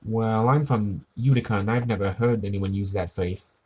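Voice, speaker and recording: A man casually reciting the lines of a stern middle-aged school superintendent, with dry, suspicious questioning and little change from his own low voice. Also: moderate pace, a little mellow, close to an everyday voice.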